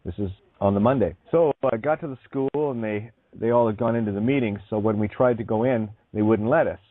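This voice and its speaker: A man's voice: fairly low pitch, a little fast, no room sound. A man telling a long story in a meandering way, with many fillers and restarts. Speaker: online speaker. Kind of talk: rambling spoken storytelling. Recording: dry, tinny phone-like sound.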